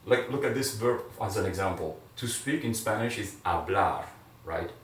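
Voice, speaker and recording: A male teacher guides his students through pronunciation drills, cheering them on as they repeat after him. His voice sits a little low. He sounds far from the mic in an echoey classroom with faint room noise behind him. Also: expressive, moderate pace. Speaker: Spanish teacher. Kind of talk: classroom language lesson.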